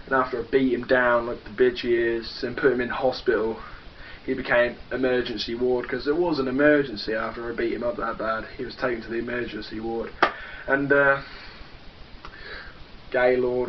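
A young Englishman with a middle-pitched voice talks at a normal speed, cutting a boastful, taunting, profane trash-talk promo as a backyard wrestler going after a rival. The audio is dull and lo-fi with faint background noise, much like an old home video.

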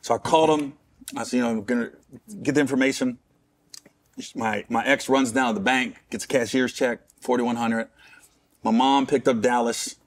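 A middle-aged comedian guest from Cincinnati, Ohio, speaks in a steady, mid-range tone at a moderate pace. He frankly relates a personal story, rambling with restarts and self-deprecating asides.

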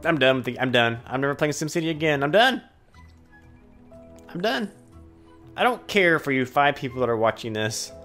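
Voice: medium pitch, animated, quick pace, hardly any pauses, a bit bright, faint music behind. A let's play host doing gaming commentary, ranting at the game and talking to it as if it were a person.

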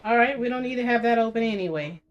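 A woman's voice: fairly high pitch, quick pace, lo-fi sound, slight background noise. A woman streamer giving casual, chatty commentary while playing a video game. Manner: chatty, talks to viewers. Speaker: gaming streamer.

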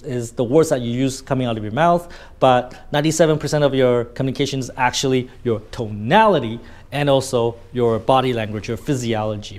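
A man's voice: on the high side, darkish tone. A man with a Vietnamese accent teaching a spoken lesson on tone of voice, stretching out key words for emphasis and tagging many sentences with "right?". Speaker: communication coach.

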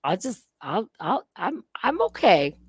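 A woman's voice: medium pitch, big pitch swings, a little slow, husky, dry recording. A woman hosting a casual livestream, rambling and laughing at herself. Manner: rambling, self-mocking, laughs often. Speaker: livestream host.

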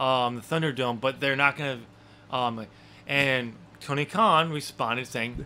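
A man's voice: medium pitch, unhurried, pushed and bright, slight background noise. A man co-hosting a wrestling podcast, talking casually and rambling with many fillers and restarts. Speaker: podcast co-host.

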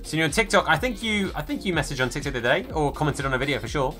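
Streaming a football video game, a man chats casually with his viewers and greets them by name. His slightly high voice comes out rapid-fire, animated, pushed and bright, with soft music playing behind him.

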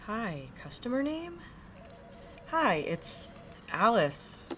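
A woman's voice: on the high side, big pitch swings, drawn-out words, music in the background, exaggerated voice. A young woman playing a new telemarketer with a dry, sarcastic manner, in a comedy audio drama. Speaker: new telemarketer on her first day.

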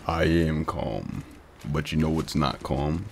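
A man putting on a pushy, creepy grown-man voice for comic game role-play, menacing and prone to sudden shouts. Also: rumbling low, expressive, slow, creaky, slight background noise, voice pushed down, exaggerated voice. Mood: leering.

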